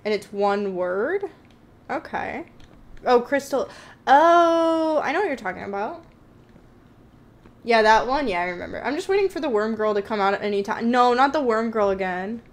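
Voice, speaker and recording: A woman's voice: a little high, lively intonation, moderate pace. A woman streaming a horror game, chatting with her viewers in a jokey, jittery way while she admits she is scared. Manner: chatty, talks to chat, nervously jokey. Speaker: gaming streamer. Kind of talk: live-streamed game commentary.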